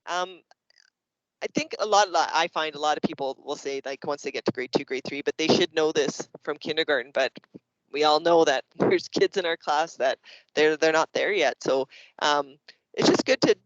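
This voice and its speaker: A Canadian man with a slightly high voice walks other teachers through classroom activities, acting out little scenes as he goes. The call audio is dry and dull, with a lo-fi edge. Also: normal speed, dry recording. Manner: lively, acts out classroom examples. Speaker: teacher presenting to educators. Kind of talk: explanatory workshop presentation.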